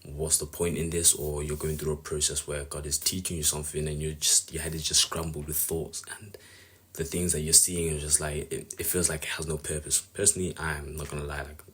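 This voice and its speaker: A man with an extremely deep, husky voice shares a casual devotional reflection. He talks earnestly in a flat, level tone and rambles as he works through his thoughts aloud. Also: brisk. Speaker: Bible reflection speaker.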